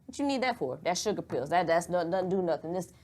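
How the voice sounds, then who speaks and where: Candid young woman, low-pitched. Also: expressive, fast, darkish tone, slight background noise. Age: young adult. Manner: candid, rambling, earnest, swears freely. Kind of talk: casual podcast chat.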